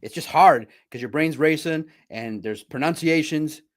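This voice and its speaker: A man's voice: a little high, normal speed. A man hosting a casual sports livestream, rambling and self-deprecating, often laughing at himself. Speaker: sports podcast host and reporter.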